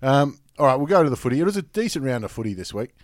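A man's voice: medium pitch, very animated, rapid-fire, no room sound. A man with an Australian accent hosting a podcast in a casual, joking, laid-back way. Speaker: podcast host. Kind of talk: casual chat.

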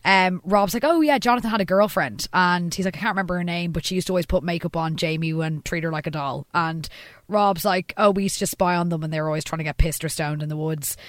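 A woman's voice: on the low side, fast, dry recording, studio quality. A woman, co-hosting a podcast and recapping a TV episode in casual chat, acting out the characters' lines. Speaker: podcast co-host.

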